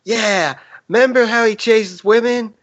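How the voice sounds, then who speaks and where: A man's voice: takes it slowly, a bit bright, lo-fi sound, exaggerated voice. A man putting on the voice of a small, cheery talking grape that asks nostalgic sing-song questions. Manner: high sing-song questions, breaking into laughs.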